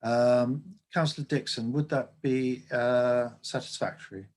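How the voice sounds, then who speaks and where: A man chairing a formal committee meeting over a video call, polite and brisk. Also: mid-range voice, fairly even intonation, darkish tone.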